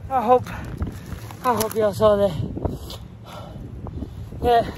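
A man vlogging his fishing trip outdoors on a boat, out of breath and exclaiming loudly as he talks to his catch. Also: high voice, fairly even intonation, slow pace. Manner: exclamatory, whooping and talking to the fish. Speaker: angler vlogger. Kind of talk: excited fishing vlog commentary. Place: outdoors on a boat in strong wind. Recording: loud wind noise on the mic. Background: wind and boat noise.

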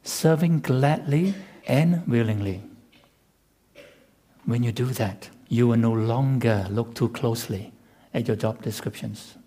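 A man preaching a sermon as pastor, measured and emphatic with rhetorical repetition. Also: mid-range voice, mellow.

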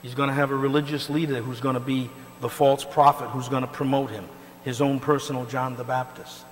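A male pastor preaching a sermon, emphatic and swinging between loud and quiet, often pausing to ask the congregation to finish his sentences. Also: medium pitch, flat delivery. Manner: call-and-response questions to the congregation. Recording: reverberant hall with mains hum.

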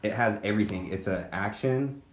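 A man's voice: lowish voice, a little fast. A man co-hosting a podcast, chatting casually and enthusiastically as he recommends a movie, swearing freely and rambling. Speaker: podcast co-host. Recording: roomy, faint noise.

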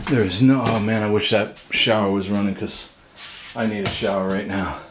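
A man's voice: medium pitch, unhurried, pauses often, noisy background. A man filming a ghost-hunting vlog alone inside an abandoned house, nervous and jumpy, swearing often. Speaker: paranormal investigator vlogger.

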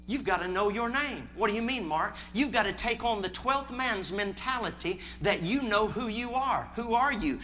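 Bright-voiced emphatic male preacher. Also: high voice, a little hiss or hum. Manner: emphatic, calls for congregation responses. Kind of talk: sermon.

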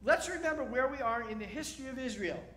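A rabbi delivers a sermon in a chatty, wry way, constantly posing questions to his listeners. He speaks fast in a high, lively voice that echoes through the hall, with slight background noise.

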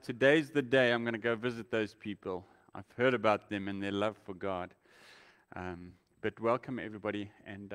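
A man's voice: mid-range voice, a bit bright. A man, a pastor giving casual, welcoming church announcements and restarting his sentences often. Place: church sanctuary. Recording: long reverb in a large hall.

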